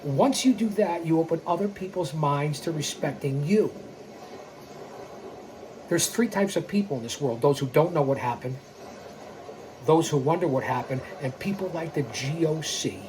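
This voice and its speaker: Brash male host with a slightly high voice, boastful wrestling promo patter, faint background hiss. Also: a little slow. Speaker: YouTube show host. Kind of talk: wrestling-persona monologue. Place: underground bunker studio.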